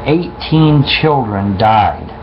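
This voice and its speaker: A man's voice: lowish voice, sing-song, slow pace. A man casually telling a long story to his listeners, profane and rambling, often repeating and restarting himself. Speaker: streamer talking to listeners. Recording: muffled with clear background noise.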